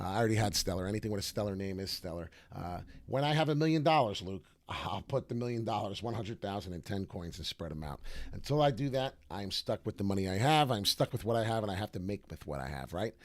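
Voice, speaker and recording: A man's voice: on the low side, animated, fast, dry recording. A man streaming crypto chart talk in a brash, slangy, rambling way with many filler uhs. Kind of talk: casual live commentary.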